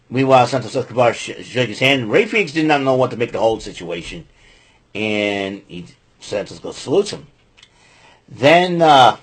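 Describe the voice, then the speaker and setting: A man's voice: medium pitch, breathy edge. A man hosting a podcast, giving a rambling casual recap with lots of fillers and restarts and blunt opinions. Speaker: podcast host recapping wrestling.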